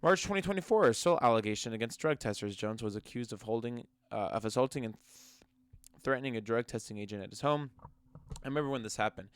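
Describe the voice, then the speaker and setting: A man's voice: medium pitch, animated, fast talker, clean tone, dry recording. A man giving casual, sarcastic reaction commentary on MMA fighters and ranting with many restarts.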